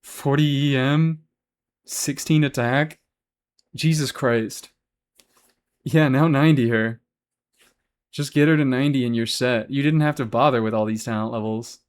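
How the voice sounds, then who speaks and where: A man's voice: medium pitch, unhurried, pauses often. A man live-streaming a game, chatting casually and answering chat, swearing freely as he talks. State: has hiccups.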